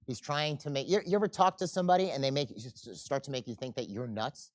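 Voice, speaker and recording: A presenter leading a sales seminar in a relaxed, chatty way, stopping often to ask the room questions and drift into side stories. The voice sits at an ordinary middle pitch. The recording is close and dry. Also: fast, few pauses, no room sound. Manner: casual, asks the audience questions, tells anecdotes. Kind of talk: conversational seminar lecture.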